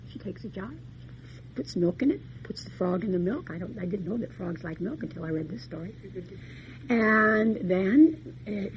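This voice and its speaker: A woman lecturer retelling a fairy tale in a chatty, folksy way with little asides. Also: medium pitch. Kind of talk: storytelling lecture. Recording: dull muffled recording, faint hiss.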